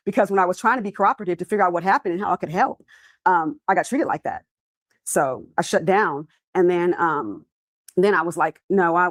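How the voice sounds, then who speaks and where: Fast-talking woman witness on the stand. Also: fairly low pitch, no room sound. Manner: candid, conversational storytelling. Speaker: trial witness. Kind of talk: courtroom testimony.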